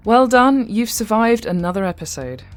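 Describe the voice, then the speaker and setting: A woman's voice: a little high, very animated, normal speed, faint music behind. An English woman hosting a horror podcast, giving wry, conversational commentary with light humour. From England. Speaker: podcast host. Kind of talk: reflective commentary after a story.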